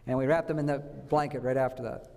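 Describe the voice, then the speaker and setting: A man's voice: mid-range voice, fairly even intonation, fast talker, dark tone, big-room sound. A man giving a health talk to a church audience, telling stories and quizzing his listeners. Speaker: health speaker.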